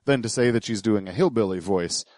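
A man's voice: fairly low pitch, fairly quick, darkish tone, dry recording, clean studio sound. A man hosting a podcast, explaining clips in a digressive, hesitant way. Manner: digressive, hesitant, lots of uhs and restarts. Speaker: podcast host. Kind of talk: casual podcast commentary.

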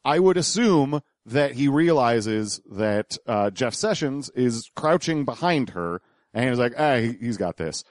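A man's voice: mid-range voice, no echo, clean studio sound. A man co-hosting a podcast, explaining things at length in casual commentary, with lots of restarts and acted-out quotes. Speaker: podcast co-host.

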